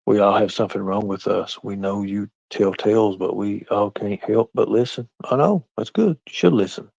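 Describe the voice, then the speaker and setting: Brief: low, gravelly-voiced man streaming, picking fights with chat, dry lo-fi sound. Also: level tone, moderate pace, darkish tone, no room sound. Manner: combative, confrontational, talks straight back to chat. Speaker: livestreamer answering chat. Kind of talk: casual live-stream rant. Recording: dull, lo-fi dry stream audio.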